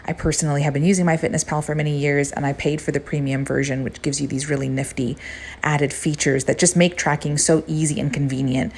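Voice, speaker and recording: A woman's voice: low-pitched, fairly even intonation, fairly quick, a little mellow, slight background noise. A woman fitness coach chatting casually through a recipe and a meal-logging demo, upbeat and gushing. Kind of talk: casual recipe vlog chat.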